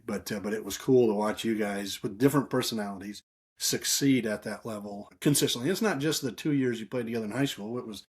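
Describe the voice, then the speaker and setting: Husky middle-aged father and coach. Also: lowish voice, fairly quick. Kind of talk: casual chat.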